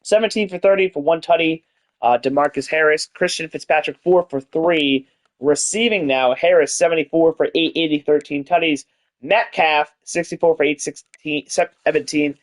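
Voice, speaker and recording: A man with a fairly high voice gives casual commentary on a live game stream. He reads rosters and stats in a loose, tired drawl, then bursts into hyped announcer calls and cheerful swearing. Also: normal speed. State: tired, yawning. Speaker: gaming streamer.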